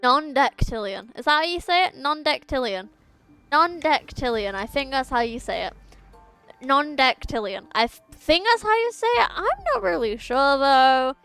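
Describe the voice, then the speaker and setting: A woman's voice: high-pitched, lively intonation, moderate pace, a bit bright, dry recording. A young woman streaming a game, chatting casually, stumbling over long words and laughing at herself. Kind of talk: casual chat while reading game dialogue aloud. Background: faint game music.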